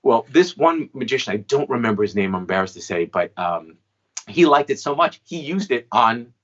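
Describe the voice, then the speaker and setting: A man's voice: mid-range voice, sing-song, moderate pace, a bit bright, lo-fi sound. A man in his fifties telling stories as an interview guest, chatty and often asking "right?" between points. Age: 50s. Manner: chatty, frequent "right?" asides. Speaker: guest magician and inventor. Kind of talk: storytelling interview answers.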